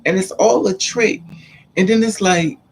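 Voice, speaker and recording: A man talks through his own experiences in a frank, confiding vlog. His voice sits fairly high and has a gravelly edge. A faint hiss lies under the speech. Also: unhurried. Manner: frank, confiding, acts out quoted exchanges. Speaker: vlogger. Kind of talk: candid personal storytelling.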